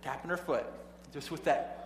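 A man with a fairly high voice preaches in a big, echoey hall, with a faint hum behind him. He reads scripture and then drifts into a chatty story, chuckling and restarting his sentences as he goes. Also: normal speed. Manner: conversational, chuckling asides, frequent restarts. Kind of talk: sermon with storytelling.

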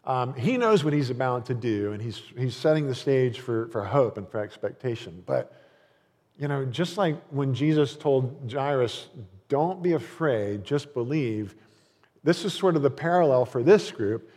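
A man's voice: medium pitch, expressive, normal speed, darkish tone. A man preaching a sermon as pastor in a church, earnest and conversational, with frequent fillers and restarts. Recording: long reverb of a church hall.

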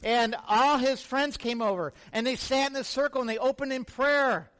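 A male pastor with a high-pitched voice preaches in a loose, chatty way. He jokes and throws questions out to the congregation. He is heard preaching to a church. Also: moderate pace, fairly bright tone. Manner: conversational and joking, questions the congregation. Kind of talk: sermon.

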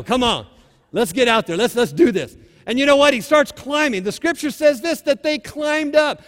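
A male pastor preaching a sermon in an animated, exhorting way, acting out scripture scenes as he goes. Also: high-pitched, big-room sound.

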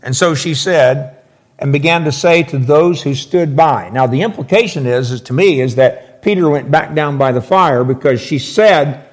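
A man's voice: fairly high pitch, normal speed. A man preaching a verse-by-verse sermon, explaining scripture with emphatic, folksy asides.

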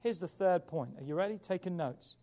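A man preaching a sermon as pastor, with emphatic rises and quiet drops. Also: high-pitched, lively intonation, moderate pace.

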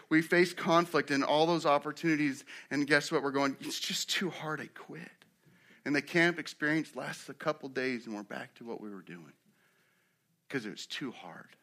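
A man preaching a sermon as pastor, animated, acting out quotes with sudden rises and drops in loudness. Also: medium pitch.

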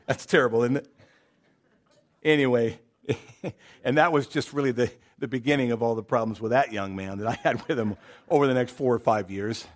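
Folksy pastor preaching. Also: male voice, mid-range voice, moderate pace, pauses often. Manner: folksy and conversational, with many restarts and asides. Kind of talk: sermon. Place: church sanctuary.

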